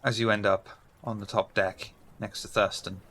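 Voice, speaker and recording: A man's voice: fairly low pitch, level tone, normal speed, a bit bright, slight background noise. A man running a tabletop game as game master, narrating playfully and full of double meanings.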